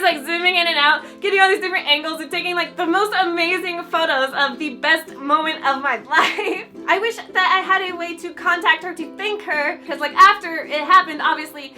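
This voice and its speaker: Bubbly high-voiced young woman vlogging. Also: pushed and bright. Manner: gushing, chatty, lots of "like". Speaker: YouTuber. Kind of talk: storytime vlog. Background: light ukulele music.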